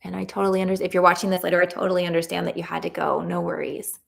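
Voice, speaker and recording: Gravelly woman leading a tapping session. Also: on the low side, completely flat delivery, racing. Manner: soothing, affirming, encouraging. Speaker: EFT tapping practitioner leading a live session. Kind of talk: guided tapping script, then reading live chat. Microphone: livestream camera mic.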